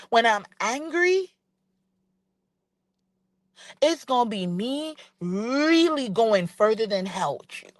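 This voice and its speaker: In a dry recording, a woman with a mid-range voice offers opinionated reality TV commentary on a vlog. She rants, speaks directly to the person she's calling out, and repeats herself for emphasis.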